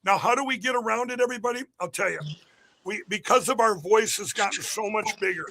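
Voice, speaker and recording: A political candidate giving an emphatic, repetitive rally-style interview on a podcast. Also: male voice, high-pitched, fast talker, gravelly, bright, forceful tone.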